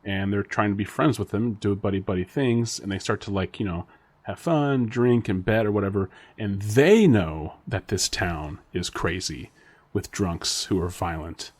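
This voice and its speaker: A man's voice: fairly low pitch, normal speed. Rambling, laughing male podcast co-host. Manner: rambling, laughs often, speculative. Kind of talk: casual chat.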